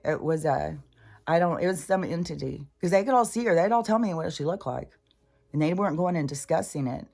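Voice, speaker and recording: A woman's voice: sits low, lively intonation, brisk, vocal fry, darkish tone. An older woman talking in a rambling, profane, casual monologue as a spiritual channeler.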